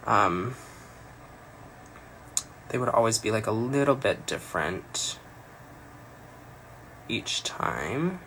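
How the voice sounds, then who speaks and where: Lively, chatty man doing a makeup livestream. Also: lowish voice, takes it slowly, long pauses, slight background noise. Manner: chatty, rambling, playful, self-deprecating. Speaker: drag performer doing a makeup tutorial. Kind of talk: casual livestream makeup tutorial. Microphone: phone livestream.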